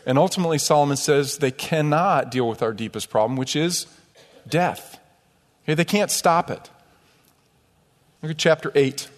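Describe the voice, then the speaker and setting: Emphatic male pastor preaching in a reverberant church. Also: on the high side. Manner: storytelling, emphatic, rhetorical "right?" asides. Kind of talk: sermon. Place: church sanctuary. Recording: long hall reverb.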